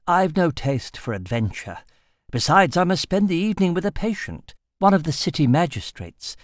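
A drab male physician, prim and reluctant, with a fussy, somewhat higher voice, as the narrator puts him on. The storybook reading is dry and close. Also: big pitch swings, normal speed, no room sound.

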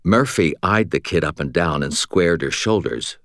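A man reading a first-person story for an audiobook in a measured, expressive way, close to the mic. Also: low-pitched, no room sound. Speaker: audiobook narrator.

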